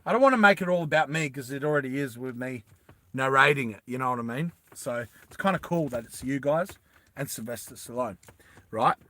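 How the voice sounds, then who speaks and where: With a mid-range voice that's bright, forceful and lively in intonation, a man tells listeners an improvised story. He drifts around, restarts, uses lots of fillers, and breaks into the characters' lines in short, quick bursts.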